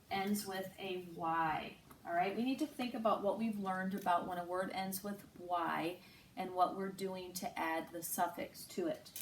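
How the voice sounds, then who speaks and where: A woman teaching a recorded phonics lesson to third graders, speaking slowly and clearly and drawing out each sound. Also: mid-range voice, a little hiss or hum. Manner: slow, clear, patient teacher talk with drawn-out sounds. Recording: echoey room, distant mic.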